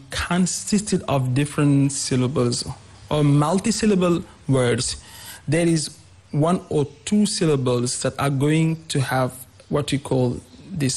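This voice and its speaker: A man explaining English pronunciation on a radio lesson, repeating example words with fillers. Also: fairly high pitch. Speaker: English teacher guest.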